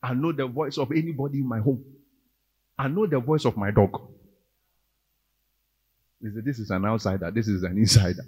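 A man with a Ghanaian accent preaching a sermon, moving between English and Twi and rising to loud, emphatic calls. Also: mid-range voice, moderate pace, long pauses, slightly rough, long reverb tail. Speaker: pastor.

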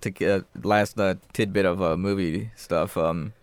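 Man, lowish voice, podcast co-host, casual chat, halting with lots of fillers, dry sound. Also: fairly even intonation, clear, resonant tone, dry recording. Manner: halting, many fillers and restarts, teasing.

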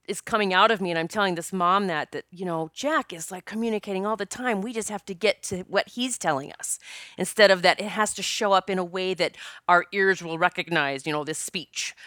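A woman speaking as a psychic medium, telling a personal story in an emotional, animated way with many fillers and some swearing. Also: medium pitch, smooth, no echo, studio quality. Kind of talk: casual storytelling monologue.

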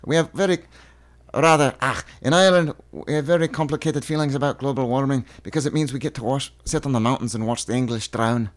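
A man's voice: medium pitch, fast, lightly acted. A man doing a put-on Scottish accent, reading crude comic posts as a brash swearing Scot. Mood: cheeky, crude. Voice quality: raised, punchy and crude. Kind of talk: comic read-aloud of posts.

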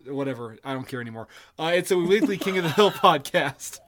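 A man's voice: a little high, lively intonation, fairly quick, background noise. A man co-hosting a casual podcast, joking and rambling with profanity. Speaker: podcast co-host.

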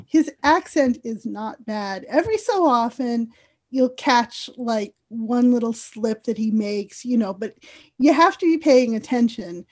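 American woman on a podcast, kinda mellow voice, lots of likes and you knows. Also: fairly high pitch, lively intonation, a little slow. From United States. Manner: enthusiastic, fillers like "like" and "you know". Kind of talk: casual podcast chat.

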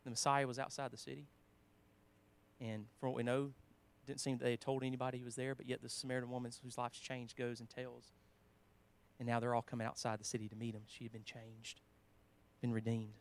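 A man preaching a sermon in a conversational way, with restarts, quoting scripture, swinging between emphatic lines and quiet asides. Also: mid-range voice, completely flat delivery, brisk, gravelly.

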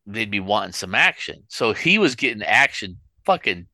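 A man's voice: lowish voice, very animated, normal speed, bright, forceful tone, no echo. A middle-aged man, co-hosting a casual chat and rambling through his stories. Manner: rambling storyteller, full of restarts. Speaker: podcast co-host.

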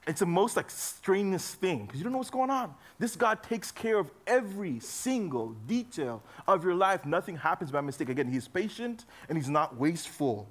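A young man preaching to a youth group in an easygoing, chatty way, leaning on fillers as he talks. His voice sits a little high for a man, and he goes from loud, emphatic lines to soft, low asides. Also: big pitch swings, normal speed, hardly any pauses. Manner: casual, conversational preaching with frequent fillers. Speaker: youth pastor. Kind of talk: sermon.

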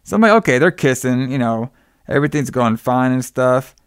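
A man's voice: mid-range voice, lively intonation, fairly quick, clean tone, dry recording, clean studio sound. A young man casually recapping a film's plot, rambling with lots of "like" and "you know.". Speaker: podcast co-host recapping a film. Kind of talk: casual chat.

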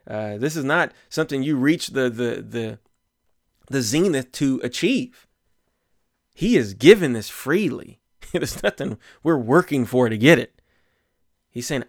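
A man's voice: mid-range voice, measured pace, dry recording, studio quality. A man giving an informal sermon and reading scripture aloud, talking conversationally with lots of fillers and repeated words. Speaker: preacher.

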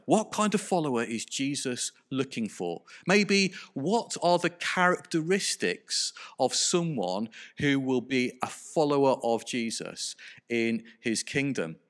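Lively conversational preacher. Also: male voice, medium pitch. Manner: conversational, asks the listeners questions. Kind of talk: sermon.

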